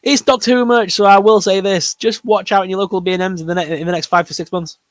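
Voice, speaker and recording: A man from northern England, speaking with that region's accent, co-hosts a casual show chatting about toy and geek news. His high voice is quick and fairly even in intonation, and he rambles upbeat before trailing off into humming, all in a dry recording.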